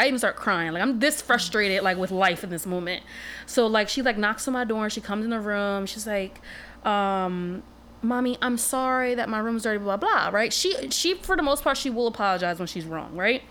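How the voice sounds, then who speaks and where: A woman co-hosting a casual chat, telling lively stories and acting out the voices of the people in them. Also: mid-range voice, normal speed, slight background noise. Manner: animated storyteller, acts out quoted dialogue. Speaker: podcast co-host.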